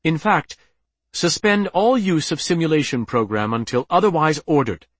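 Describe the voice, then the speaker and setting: A man's voice: medium pitch, big pitch swings, moderate pace, no room sound. A man voicing a tense, proud male alien officer who speaks in a clipped, stiff and indignant way.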